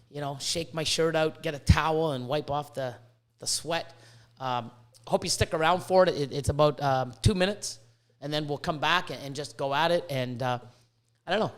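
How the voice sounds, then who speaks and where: High-voiced, profane podcast host. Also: male voice. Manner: profane, rambling, animated storytelling. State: sweating, overheated. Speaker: podcast host, reptile breeder. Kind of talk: casual podcast chat. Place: hot indoor room with a fan.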